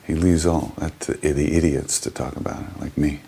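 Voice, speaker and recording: A man in an interview, reflectively telling spiritual stories in an earnest, halting way with many restarts. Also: extremely low pitch, fairly even intonation, creaky, mellow, slight background noise. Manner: earnest storyteller. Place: small hotel.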